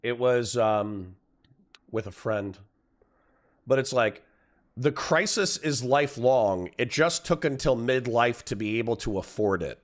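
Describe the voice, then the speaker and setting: A man's voice: medium pitch, animated, unhurried. A middle-aged man hosting a casual livestream, ranting about online drama with profanity and frequent laughter. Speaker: livestream host.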